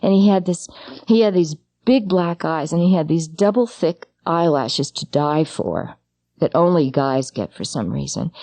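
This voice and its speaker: A middle-aged woman, a psychologist and grieving mother, giving a personal talk on grief, speaking straight to the listener in a halting, intimate way. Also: on the low side, mellow, dry recording.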